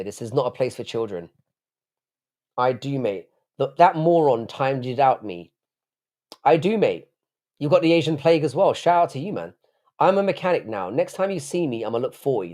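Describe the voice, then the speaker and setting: Man, 30s, stream host. Blunt, profane, casual chat reading viewer comments. Middle pitch. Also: darkish tone. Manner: blunt, swears a lot, reads chat aloud. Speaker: livestream host.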